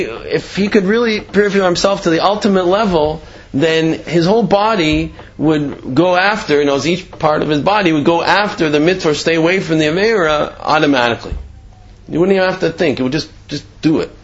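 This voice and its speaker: A man's voice: fairly high pitch, highs cut off. A man giving an informal Torah class, telling jokes and asking many rhetorical questions, with frequent fillers. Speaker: Torah teacher.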